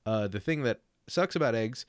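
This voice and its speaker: A man's voice: mid-range voice, normal speed, dry recording, clean studio sound. A man co-hosting a casual podcast chat, joking and swearing as he tells stories. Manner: joking, swearing, animated storytelling. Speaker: podcast co-host.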